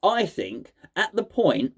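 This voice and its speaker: Lively joking man hosting. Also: high voice, slow, slightly rough. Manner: mock-serious, joking, stumbles and repeats words. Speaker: host. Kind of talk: casual chat.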